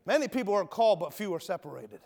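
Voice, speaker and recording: A man preaching a sermon and giving his testimony as a former convict, swinging from emphatic shouts to low near-whispers in a folksy manner. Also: sing-song, fast, vocal fry. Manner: folksy, calls listeners brother and my friend. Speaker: preacher, ex-convict prison minister. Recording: long hall reverb.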